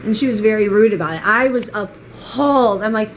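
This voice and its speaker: A young woman vlogging, retelling a bad weekend in an animated, exasperated way. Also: mid-range voice, a little fast, few pauses, a little hiss or hum, rough recording. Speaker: mom vlogger. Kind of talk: casual storytime vlog.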